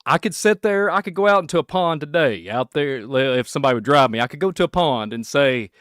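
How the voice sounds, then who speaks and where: A man from Kentucky with a Southern accent, hosting a rambling solo podcast, excitable and laughing often as he jumps between topics. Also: fairly high pitch, fast, smooth, no echo, clean studio sound. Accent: Kentucky Southern American. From Kentucky, USA. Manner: excitable, laughing, puts on silly voices. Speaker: podcast host.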